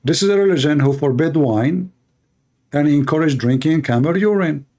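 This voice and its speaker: Man, host, mocking sarcastic tone, broken English, somewhat high voice. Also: expressive, normal speed, warm tone. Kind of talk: polemical talk.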